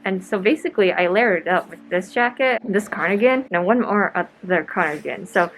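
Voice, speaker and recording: A woman's voice: medium pitch, animated, normal speed, slight background noise, low-quality recording. A young woman in a casual vlog, chatty and rambling, laughing often as she talks to her handheld camera. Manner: chatty, giggly, rambling with many "like"s. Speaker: vlogger. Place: outdoors in rain and wind, then indoors at home.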